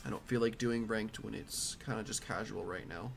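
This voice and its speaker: Young male streamer, tired and offhand, slightly low voice, game music under him. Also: normal speed, creaky. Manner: offhand, reads chat questions aloud and answers. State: tired, flat. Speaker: streamer answering chat. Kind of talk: casual live-stream chat.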